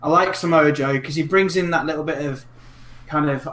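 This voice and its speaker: A man's voice: a little high, a little fast, fairly bright tone, echoey room. A man co-hosting a casual podcast, playful and fond of mimicking others. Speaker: podcast co-host. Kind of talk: casual chat.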